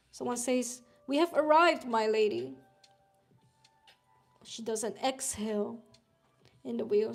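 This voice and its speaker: A woman streamer, a little sick, chatting and swearing casually as she reads through webtoon contest entries out loud. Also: fairly high pitch. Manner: chatty, swears freely, thinks aloud while reading panels. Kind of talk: casual live-stream commentary.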